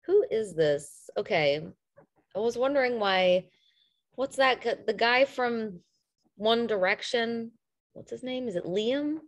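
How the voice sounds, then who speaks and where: A woman teacher on a video call, chatting with the class in an animated, giggly way. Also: fairly high pitch, slow. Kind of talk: casual online class chat.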